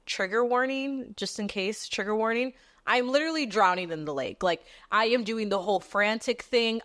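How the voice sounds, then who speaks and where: A young woman in her twenties hosts her own podcast and talks straight to the listener in a loose storytelling monologue. She swears freely and tells her stories with animated, candid energy at a middle pitch. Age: 20s. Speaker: podcast host.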